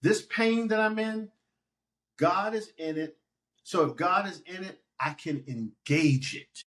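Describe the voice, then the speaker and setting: A man with a fairly high, bright-leaning speaking voice talks as a guest on a podcast. His delivery is preacherly and emphatic, with big swings in pitch as he quotes scripture. He acts out speaking to his own feelings. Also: slow pace. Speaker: pastor and musician, podcast guest. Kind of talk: conversational podcast interview.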